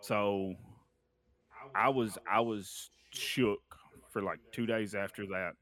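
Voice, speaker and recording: A young man casually telling a story of a frightening night, animated and swearing, sometimes trailing off into low mumbles. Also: takes it slowly.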